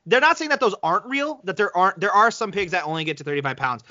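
A man's voice: sits high, fast talker, no echo, highs cut off. A man co-hosting a podcast in casual chat, telling stories animatedly and slipping into voices. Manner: animated storyteller, slips into voices. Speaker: podcast co-host.

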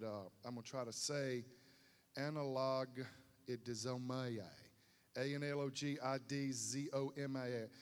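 A man's voice: medium pitch, fairly bright tone, clean tone. A man preaching a sermon, folksy and repetitive, building to emphatic peaks. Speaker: pastor. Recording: long hall reverb.

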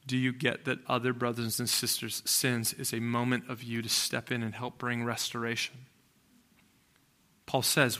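A man's voice: medium pitch, steady tone, normal speed, sharp tone. A man in his thirties, a pastor preaching a sermon in a conversational, storytelling way that rises to emphatic peaks.

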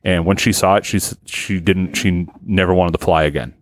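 A man's voice: sits low, fairly even intonation, brisk, no echo, studio quality. A man co-hosting a casual podcast chat, rambling and swearing as he tells a story with many restarts. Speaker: podcast co-host.

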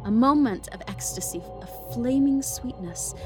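A woman giving an expressive, emotional first-person reading of a ghost story for a podcast. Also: fairly high pitch, measured pace, over music. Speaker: podcast reader.

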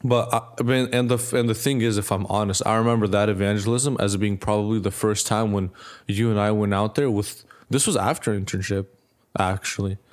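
A young man telling a story in casual chat, animated, acting out the people he quotes and laughing often. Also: fairly low pitch, brisk. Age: young adult. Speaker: podcast co-host.

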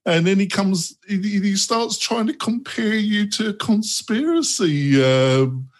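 A man on a podcast panel who talks hesitantly, filling his pauses with ums and uhs as he asks for feedback. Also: high-pitched, expressive. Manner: hesitant, many fillers. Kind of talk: casual panel discussion.

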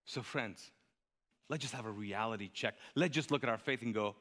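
A man preaching a sermon as pastor, animated and joking, growing louder and higher as he tells a story. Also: moderate pace. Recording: reverberant hall.

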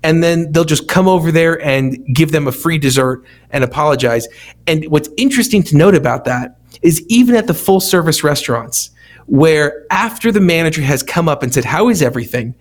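A man's voice: fairly high pitch, brisk. A man who runs a restaurant feedback company, telling stories in a casual conversation and acting out what people said. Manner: storytelling, animated quoting of others.

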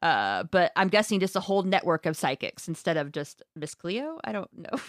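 A woman's voice: on the low side, sing-song, moderate pace, no room sound, clean studio sound. A woman co-hosting a casual chat, recapping a book with laughs and profane asides. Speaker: podcast host recapping a book.

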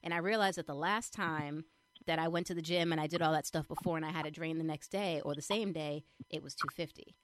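Young adult woman, lower register, casual animated storyteller, dry close sound. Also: a little fast, dry recording. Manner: chatty, animated retelling with lots of fillers. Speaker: vlogger sharing a personal update. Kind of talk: casual chat.

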